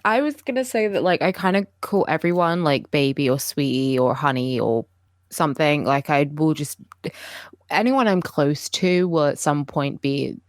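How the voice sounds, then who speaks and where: A young adult woman guesting on a podcast, chatting casually with blunt, deadpan jokes. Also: sits low, moderate pace, dry recording, studio quality. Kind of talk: casual chat.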